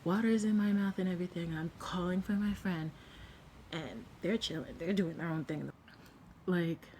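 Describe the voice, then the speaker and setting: A young woman vlogger telling a story in a casual, animated way, sometimes dropping to a whisper. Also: medium pitch, a little hiss or hum. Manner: animated, acts out quotes, drops to a whisper at times.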